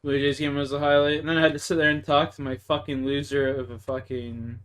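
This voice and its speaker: A young man with a Canadian accent streams a game, chatting and ranting profanely in a brisk, flat, smooth voice on the high side. He swings between loud outbursts and mumbling.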